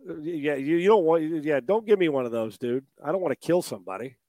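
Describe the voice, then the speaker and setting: Coach dude rambling and joking, kinda high voice, dry sound. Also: male voice, lively intonation, fast talker, mellow, dry recording. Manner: rambling, joking, stumbling restarts. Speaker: football coach. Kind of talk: casual podcast chat.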